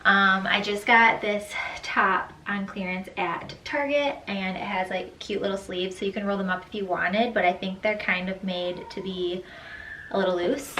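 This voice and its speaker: A woman's voice: mid-range voice, fairly even intonation, moderate pace, bright, forceful tone. A young mother talks through her outfits in a loose, chatty way, full of "like" and "um". Her voice sits in an ordinary middle range. The mic is set back, so the room echoes around her and a faint hum runs underneath. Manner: chatty, loose, many "like" and "um" fillers. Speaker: vlogger, new mother. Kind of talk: casual outfit try-on chat. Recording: roomy echo, distant mic, faint room noise.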